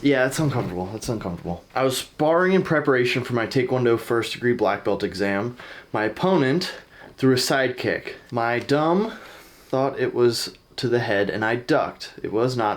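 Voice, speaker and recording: Animated, jokey male reaction host. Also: medium pitch. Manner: animated, jokey, jumps into shouted bits and mock voices. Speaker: host reacting to online stories. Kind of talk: casual reaction commentary.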